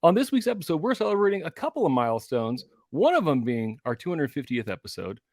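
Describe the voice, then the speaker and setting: A man's voice: on the high side, fast, no echo, clean studio sound. A man co-hosting a casual whiskey podcast, upbeat and chatty as he runs through the show's business. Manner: upbeat, animated promo patter. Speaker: podcast co-host.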